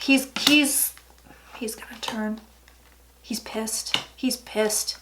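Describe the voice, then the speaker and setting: High-pitched psychic lady doing a casual tarot vlog, chatty and dramatic, faint hiss behind. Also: fairly even intonation. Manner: chatty, dramatic, with sudden loud asides and drawn-out phrases.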